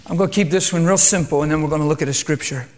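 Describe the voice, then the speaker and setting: A man leads a sermon in a hushed, reverent manner, calm and subdued. His voice sits a little higher than most men's. He drifts in and out of prayer. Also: racing. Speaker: preacher.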